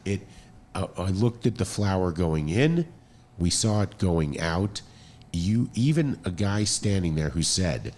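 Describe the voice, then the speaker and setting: A male guest in a studio, recounting a trip in casual, relaxed chat. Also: low voice, a little slow, slight background noise.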